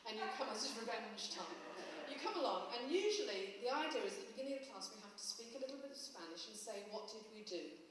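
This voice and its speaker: A woman's voice: fairly high pitch, expressive, fast talker, hardly any pauses, crowd noise. A woman performing live stand-up comedy, telling wry, chatty stories to an audience. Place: live show in a hall with audience. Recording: echoey hall from far off, noisy.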